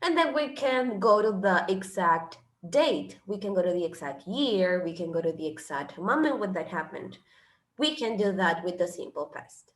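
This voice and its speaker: A woman's voice: lowish voice, expressive, moderate pace. Woman teaching English grammar. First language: Spanish. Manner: switches between English and Spanish, explaining patiently. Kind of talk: classroom grammar lesson. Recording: echoey room.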